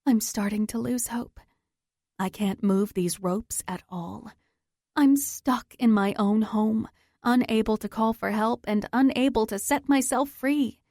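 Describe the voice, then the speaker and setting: Slow, dramatic woman narrator. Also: fairly high pitch, mellow, no room sound, studio quality. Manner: tense, dramatic. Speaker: audiobook narrator. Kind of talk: first-person romance audiobook narration.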